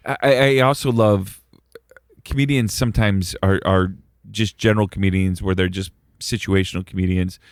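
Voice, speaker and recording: A man's voice: low voice, fairly even intonation, moderate pace, smooth, no room sound, clean studio sound. A man co-hosting a podcast in casual chat, repeating words as he starts his thoughts. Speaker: podcast co-host.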